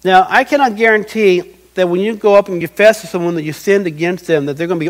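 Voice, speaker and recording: A man's voice: high-pitched, quick pace, hardly any pauses, low-quality recording. A middle-aged man preaching a sermon as pastor, earnest and acting out quoted voices.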